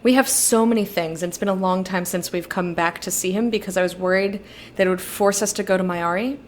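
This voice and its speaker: A woman's voice: fairly low pitch, fairly even intonation, fairly quick. A young woman talks through a video game in a casual, easygoing stream. She reads the characters' lines aloud and muses between them. She is close to a desk microphone with a faint hiss underneath. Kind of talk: casual let's-play commentary.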